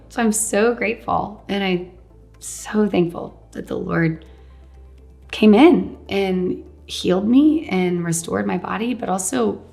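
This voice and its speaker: A woman casually telling a personal story as an interview guest, animated and quick to laugh, often saying "like" and "um". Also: mid-range voice, gravelly. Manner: animated, laughs often, acts out what others said; fills speech with "like" and "um". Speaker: guest sharing a healing testimony.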